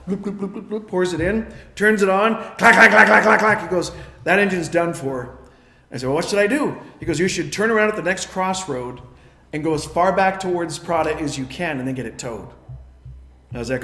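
Male pastor, middle-aged, high-pitched, animated storyteller, roomy sound. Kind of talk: sermon with personal story.

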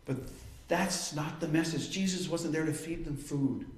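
A man with a fairly high voice teaches from scripture in an earnest, emphatic sermon. The sound is roomy and echoey. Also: normal speed. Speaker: preacher. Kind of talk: expository Bible teaching.

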